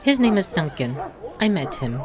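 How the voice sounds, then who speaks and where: A woman voicing a young noble lady of a castle, calm and gentle. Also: low-pitched, normal speed, a crowd in the background.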